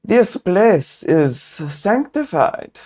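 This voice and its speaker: Stern robed cultist with an odd put-on accent, voiced by a man, high and loud, demanding. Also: sing-song, very slow, full character voice. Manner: demanding, solemn.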